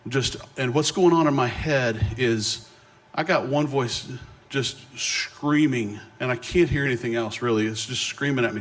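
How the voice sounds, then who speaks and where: A middle-aged man, a guest speaker, telling a personal story in a sermon with animated, self-mocking delivery and quick restarts. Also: mid-range voice.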